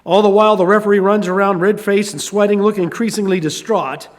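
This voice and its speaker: A man's voice: sits high, steady tone, quick pace, long reverb tail. An older man preaching a sermon, telling a story with conversational asides. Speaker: pastor.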